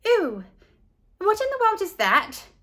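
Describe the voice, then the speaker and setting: A squealing little girl from a picture book, voice leaping up high and dragging out each word in scorn. A woman reader does the voice. The sound swings widely in pitch. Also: wildly swooping pitch, takes it slowly, sharp tone, exaggerated voice. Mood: disgusted. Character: disgusted young girl classmate.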